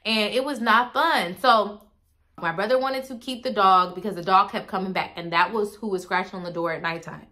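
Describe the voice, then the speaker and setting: A young adult woman vlogger telling a story in an animated, chatty way, swearing and turning to her viewers with asides. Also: mid-range voice, fairly quick. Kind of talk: casual storytime.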